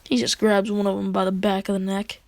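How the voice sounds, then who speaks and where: A woman casually telling a rambling fan story, dropping into whispers and quick voices for the characters. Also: mid-range voice, little pitch movement, creaky, a little mellow, dry recording.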